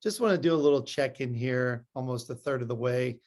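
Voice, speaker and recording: A man hosting an online session, talking in a relaxed, halting way with many fillers. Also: medium pitch. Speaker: session host.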